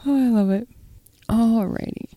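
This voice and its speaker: A woman co-hosting a casual podcast, blunt and playful, quick to laugh. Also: fairly high pitch, dark tone, dry recording, clean studio sound. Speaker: podcast co-host. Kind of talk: casual chat.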